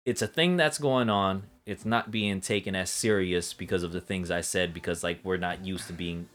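A man's voice: low voice, moderate pace, a bit bright. A man in casual podcast chat, talking in a profane, rambling way with lots of restarts. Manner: profane, rambling, self-interrupting.

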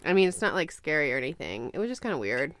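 A woman's voice: low-pitched, very animated, fast, fairly bright tone, dry recording. A young woman in casual chat, easygoing and reactive, telling a childhood story, recorded in a small closet.

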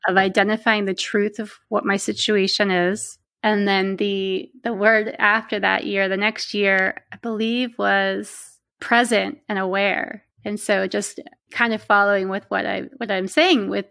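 A woman, a guest telling personal stories in a lively, casual way, laughing now and then. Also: medium pitch, unhurried, creaky, few pauses, dry recording. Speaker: interview guest. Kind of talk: casual storytelling.

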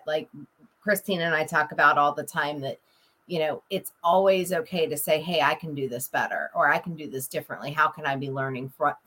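Low-voiced thoughtful woman co-host. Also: bright, forceful tone. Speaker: podcast co-host, former support specialist. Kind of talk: casual chat.

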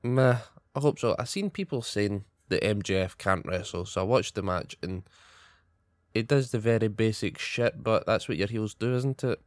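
A man's voice: fairly low pitch, moderate pace, dry recording, studio quality. A young Scottish man in casual, blunt, sweary podcast chat giving his opinions as co-host.

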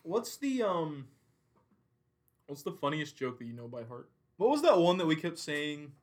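Young man, slightly high voice, laid-back, crude jokes, podcast banter. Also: very animated, moderate pace. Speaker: podcast co-host. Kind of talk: crude casual podcast chat.

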